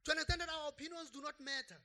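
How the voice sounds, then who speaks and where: A middle-aged male pastor, preaching a sermon in an animated, conversational way with playful asides. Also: extremely high pitch, rapid-fire.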